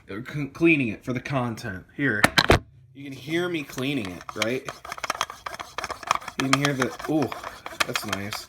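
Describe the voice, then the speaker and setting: A young man ranting in a satirical vlog, mock-outraged, swinging between low mumbles and shouting. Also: animated, unhurried, long pauses, heavy background noise. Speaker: YouTuber. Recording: music playing underneath.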